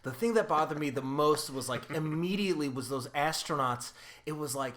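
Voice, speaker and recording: A man co-hosting a podcast in rambling, casual chat. His pitch moves up and down a lot, and he leans on "like" between thoughts. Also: a little fast. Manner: rambling, heavy with "like", lively pitch. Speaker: podcast co-host.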